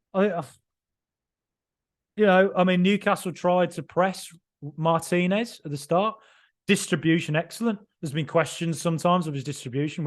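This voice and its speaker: A man with a high, bright-sounding voice hosts a football podcast, reacting right after the final whistle. He talks in an excitable, emphatic rush, circling back and repeating lines as his enthusiasm runs away with him. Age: 30s or older. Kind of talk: excited post-match reaction.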